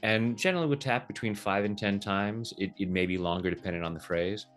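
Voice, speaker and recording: Low-voiced man teaching tapping. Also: brisk, soft background music. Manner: relaxed, jokey, acts out little quoted voices. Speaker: tapping practitioner, guest. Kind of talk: casual teaching over video call.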